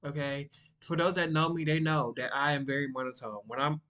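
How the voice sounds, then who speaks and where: A man's voice: fairly high pitch, brisk, dull audio. Rambling young man vlogging casually. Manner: rambling, sidetracked, self-described monotone. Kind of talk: casual talk to camera.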